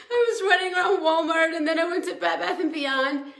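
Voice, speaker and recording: A woman's voice: very high-pitched, brisk, creaky, fairly bright tone, roomy sound. A woman coaching a weight-loss group on a casual live stream, emotional and rambling, teary with a sore throat from crying and laughing often.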